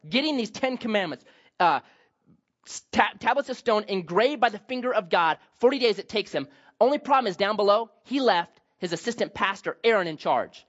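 A man pastor giving a sermon, telling Bible stories with humor and acted asides, on a dull lo-fi recording. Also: sits high.

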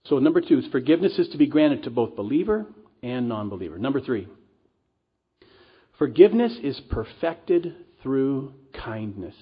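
A man's voice: mid-range voice, big pitch swings, normal speed, husky. A middle-aged man preaching a sermon as pastor at a church service, earnest and conversational with casual asides. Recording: dull lo-fi recording.

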